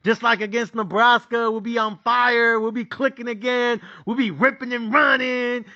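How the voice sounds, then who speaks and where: A man's voice: very high-pitched, fairly even intonation, moderate pace, pushed and bright, lo-fi sound. A man with a Mexican accent ranting profanely as host of a sports betting recap.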